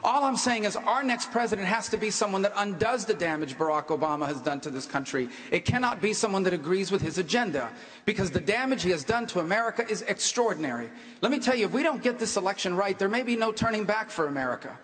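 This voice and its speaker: A man running for president, answering forcefully in a political debate with emphatic, repetitive phrasing. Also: sits high, animated, quick pace. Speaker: presidential candidate. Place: large debate hall on stage. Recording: echoey hall reverb.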